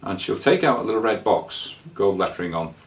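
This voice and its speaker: A man telling a casual travel anecdote, rambling and halting with fillers and restarts. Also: on the low side, expressive, far from the mic. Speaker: traveller sharing scam warnings.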